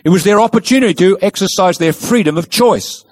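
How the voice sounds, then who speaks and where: A man's voice: high voice, lively intonation, brisk. A man preaching a sermon, telling the story with emphasis and rhetorical questions.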